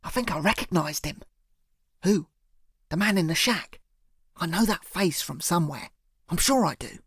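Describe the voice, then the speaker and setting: A cool, wry young woman held captive, as a male narrator puts her on, lifting his voice a little higher for her. She answers with dry retorts and a gravelly edge in an audiobook reading, in a close, dead-dry sound. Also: brisk, fairly bright tone, no room sound, heavily acted. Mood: hushed. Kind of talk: audiobook character voice.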